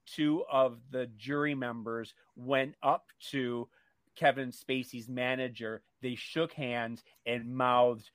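A man co-hosting a radio talk show, telling gossipy, catty stories in an animated way. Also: mid-range voice, no room sound. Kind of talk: casual talk radio chat.

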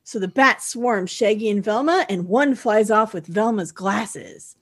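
A woman's voice: mid-range voice, unhurried. Chatty woman recapping a cartoon. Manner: storytelling recap, chatty, with many "like"s. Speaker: podcast co-host. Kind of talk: casual chat recapping a cartoon episode.

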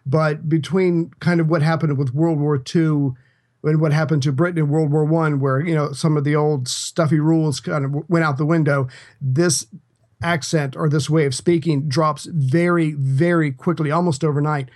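A man co-hosting a history podcast in a relaxed, talkative way. His voice sits a little higher than most men's. He explains things loosely and readily agrees with his partner. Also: moderate pace. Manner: easygoing, chatty, agreeable. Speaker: podcast co-host. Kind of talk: casual history podcast chat.

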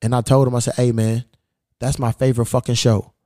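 Profane, rambling podcast host, dark tone. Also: male voice, mid-range voice, fairly quick, no echo, clean studio sound. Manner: profane, rambling, animated when retelling. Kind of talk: casual storytelling.

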